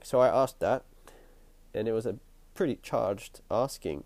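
A man hosting his own podcast with a stuffy, nasal voice and a croaky throat, musing in a reflective spiritual monologue and repeating his phrases as he thinks aloud. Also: fairly low pitch, lively intonation, measured pace, a little mellow, no echo. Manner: musing, repeats phrases, chuckles between thoughts. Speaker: podcast host. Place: at home at night.

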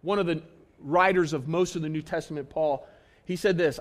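Earnest pastor, slightly high voice. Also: male voice, moderate pace. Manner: earnest, repetitive, stresses key phrases, shifts between loud and hushed. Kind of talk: sermon. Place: church auditorium.

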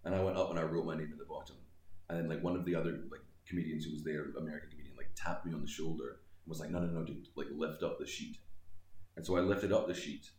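Scottish man, very low voice, quick talker, rambling storyteller, echoey room. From Scotland. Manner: animated, rambling anecdotes with many fillers. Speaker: guest comedian. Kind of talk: casual podcast storytelling.

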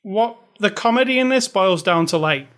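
A man's voice: high voice, expressive, moderate pace, fairly bright tone. A man co-hosting a casual movie review, rambling and filling his talk with "like" and "you know". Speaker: podcast co-host.

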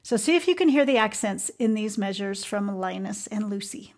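A woman hosting a podcast, talking in an earnest, reflective way about music and life, with soft asides. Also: medium pitch, expressive, normal speed. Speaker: podcast host.

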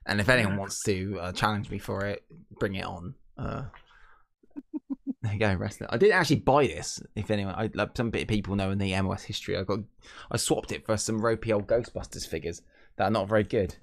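A man's voice: lowish voice, fairly quick, gravelly, no echo, studio quality. Opinionated British man ranting on a podcast. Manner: opinionated, rants loudly and repeats himself. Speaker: podcast co-host. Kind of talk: casual wrestling podcast chat.

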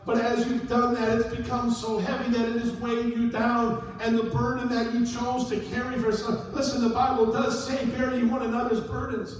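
High-voiced preacher man in an echoey hall. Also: completely flat delivery, moderate pace, few pauses, distant mic, slight background noise. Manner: preaching with sudden shouted peaks. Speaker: pastor. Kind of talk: sermon.

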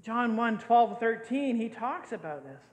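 An older male pastor preaches a sermon at a measured pace in an extremely high, sing-song voice. He is playful, laughing often as he acts out scenes, and the echoey hall gives the recording a long reverb.

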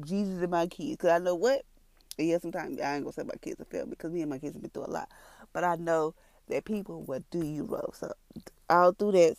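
A warm woman, an adult with three children, gives an emotional personal testimony, sometimes tearful. She rambles, repeats herself, and calls her listeners "y'all." Her voice sits low, and the recording is dry.

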